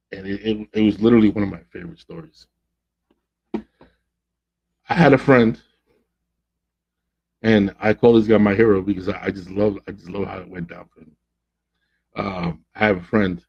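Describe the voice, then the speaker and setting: Male podcast host, gravelly and low, casual slangy storyteller, dull lo-fi audio. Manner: animated, slangy, acts out quoted voices.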